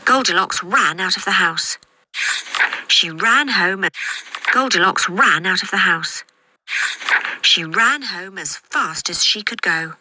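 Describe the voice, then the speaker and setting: A reader reading a children's storybook aloud, slowly and expressively. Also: mid-range voice, expressive, sharp tone, a little hiss or hum.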